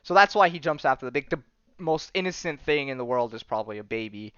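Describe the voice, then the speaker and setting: A man's voice: medium pitch, lively intonation, quick pace, a bit bright, smooth, no room sound, lo-fi sound. A man hosting a podcast, casually retelling a comic story with lots of fillers and frequent laughs. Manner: rambling, many fillers, laughs often. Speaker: podcast host. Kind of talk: casual comic-book recap.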